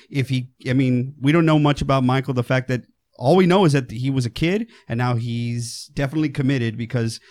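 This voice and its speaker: A man co-hosting a casual film discussion podcast, talking in an animated way, swearing and acting out quotes. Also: mid-range voice, a little fast. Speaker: podcast co-host.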